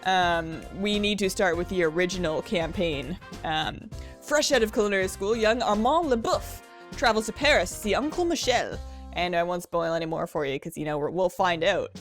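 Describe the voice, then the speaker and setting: A woman's voice: lowish voice, moderate pace. A woman giving let's play commentary, bubbly, giggly and self-mocking. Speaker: game streamer. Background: game music.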